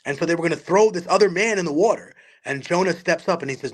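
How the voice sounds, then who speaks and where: A man's voice: a little high, fast. A man from Peru, a guest on a podcast, talking passionately in casual conversation. He tells stories and speaks bluntly, with profanity. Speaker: guest, rapper and activist.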